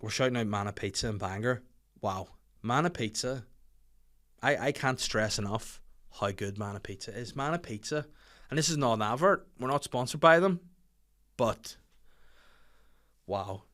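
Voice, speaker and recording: A young adult Northern Irish man hosting his own podcast, chatting casually with swearing and animated, rising rants. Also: moderate pace, pauses often. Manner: swearing, animated rants that swing loud and high. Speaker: podcast host and comedian. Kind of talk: casual solo podcast chat.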